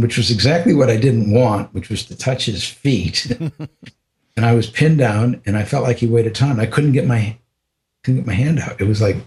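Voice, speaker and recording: An older man telling a personal story in an interview, halting with restarts and often dropping to a soft voice. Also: lowish voice.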